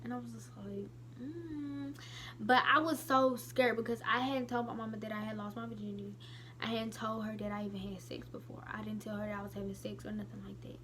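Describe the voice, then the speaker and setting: A young woman in her late teens, telling a personal story to camera in a chatty, animated way. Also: a little high, fairly quick, a little hiss or hum. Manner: chatty, animated retelling with lots of "I was like". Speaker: vlogger.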